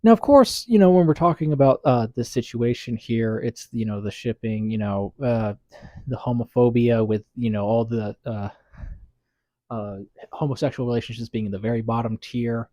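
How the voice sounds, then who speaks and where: A man's voice: mid-range voice, moderate pace, dark tone, dry recording. A man hosting a casual commentary video, rambling with lots of fillers and restarts. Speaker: YouTube commentator.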